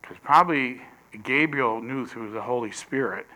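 A man preaching a sermon, swinging between loud emphasis and hushed whispers. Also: mid-range voice, normal speed.

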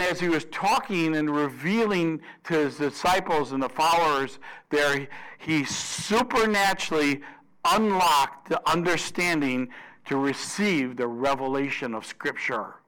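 A man preaching a sermon in an earnest way, often repeating words and restarting his phrases, and slowing down and dropping low to stress key points. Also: a bit bright, low-quality recording. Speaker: pastor. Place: at home.

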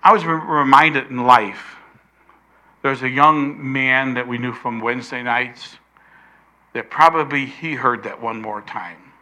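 An older man preaching a sermon, emphatic, slowing down to stress key words. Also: mid-range voice, fairly even intonation, bright, forceful tone.

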